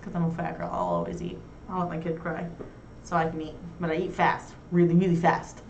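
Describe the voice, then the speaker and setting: A woman's voice: deep voice, big pitch swings, brisk, darkish tone, a little hiss or hum. A young woman hosting a casual talk show, chatting frankly with crude, self-mocking humor. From New York. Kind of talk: casual chat. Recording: roomy echo, heard from far off.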